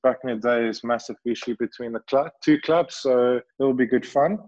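Relaxed South African man, lo-fi audio. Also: mid-range voice, normal speed. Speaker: guest cricketer. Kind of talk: casual interview chat. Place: home, remote call.

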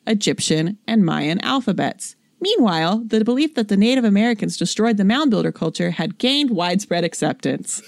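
Woman, young adult, podcast co-host, reads notes aloud plainly, middle pitch, dry sound. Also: vocal fry, no room sound. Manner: reads notes aloud in an even, matter-of-fact way, slowing down on names. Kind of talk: casual chat reading from notes.

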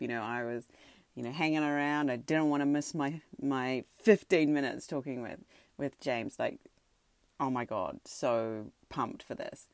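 A woman excitedly telling a personal story from home, full of fillers and restarts. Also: low-pitched, dry recording. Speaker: podcaster sharing a personal story. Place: home, sitting on a tatami floor.

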